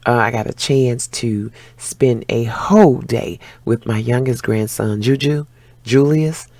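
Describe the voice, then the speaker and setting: A woman in her fifties giving viewers a casual life update, telling stories with animated flair and casual swearing. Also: extremely low pitch, unhurried, dry recording. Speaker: vlogger.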